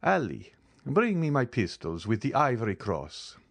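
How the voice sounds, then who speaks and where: A man's voice: mid-range voice, a little slow, creaky, dry recording, voice pushed up, heavily acted. A man voicing a coldly ironic count. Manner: calm, icy, ironic. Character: cold, commanding male count, bitterly ironic. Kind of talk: audiobook character voice.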